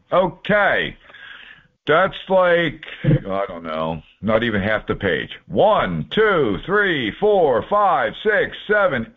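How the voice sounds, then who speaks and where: A man walking through court documents in a folksy, informal way, marking items off one by one with sarcastic asides. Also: medium pitch. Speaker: presenter explaining court papers. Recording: tinny phone-like audio.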